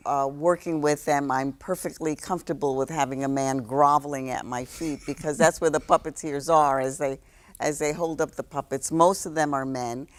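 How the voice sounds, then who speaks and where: A woman in her sixties from New York City, a guest telling stories in a relaxed interview, reflective, with many fillers and restarts. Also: deep voice, moderate pace. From New York City, South Bronx. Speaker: guest, actress.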